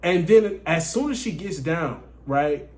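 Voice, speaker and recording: Man, higher-pitched, casual storytelling, profane, keeps saying guys. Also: unhurried, slight background noise. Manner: profane, animated, keeps addressing viewers as guys. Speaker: dating coach vlogger.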